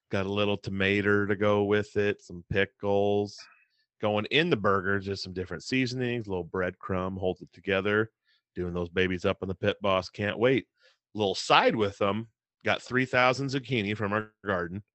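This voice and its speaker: Low-voiced playful man in casual chat. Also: fairly even intonation, normal speed, a bit bright, no echo. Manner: playful, jokey, breaks into goofy sing-song bits. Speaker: podcast co-host.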